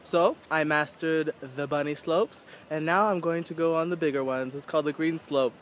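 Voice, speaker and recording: An excitable young man vlogs from a snowy ski mountain, joking about his own clumsiness in a fairly high voice. He holds the camera at arm's length outdoors, and steady mountain noise runs under his voice. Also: normal speed. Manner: excitable, chatty, self-mocking. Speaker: vlogger. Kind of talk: casual vlog chat to camera. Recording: noisy outdoor mountain ambience.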